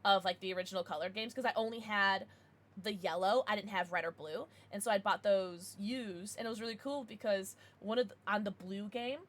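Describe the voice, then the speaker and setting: A woman in her thirties streaming live, bubbly and quick to laugh as she chats with viewers and reacts to their messages. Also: medium pitch. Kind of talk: casual livestream chat.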